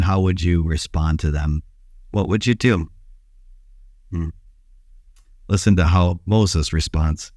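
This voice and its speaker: A male pastor giving a short daily devotional, preaching in a relaxed, conversational way with some filler sounds. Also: low-pitched, no echo, clean studio sound.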